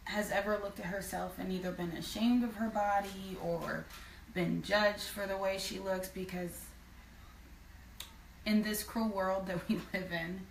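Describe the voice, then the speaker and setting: A woman's voice: medium pitch, fairly even intonation, a little slow, creaky. Woman singer, earnest chatty talk, roomy echo, distant from the mic, faint background hum. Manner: earnest, frequent "um" fillers. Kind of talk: casual live video chat. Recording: roomy sound from far off.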